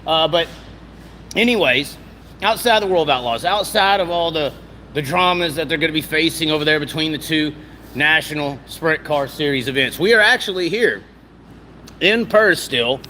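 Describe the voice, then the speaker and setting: A man's voice: fairly high pitch, animated, normal speed, sharp tone. A chatty, joking man, interviewing people on location in a race car shop. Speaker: racing vlogger. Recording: reverberant shop with faint noise.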